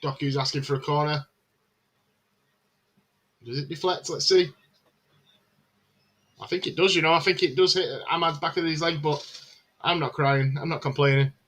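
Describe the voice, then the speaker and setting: A man's voice: fairly high pitch, steady tone, normal speed, long pauses, fairly bright tone. A man hosting a live match watchalong stream, chatting casually, calling the play and answering viewer comments with frequent filler words.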